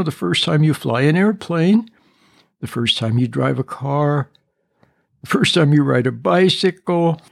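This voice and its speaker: Guy with a kinda high gravelly voice doing a casual advice podcast, repeats himself a lot, dry room sound. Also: no echo. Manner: plain-spoken, repeats key phrases. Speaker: podcast host. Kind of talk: unscripted advice talk.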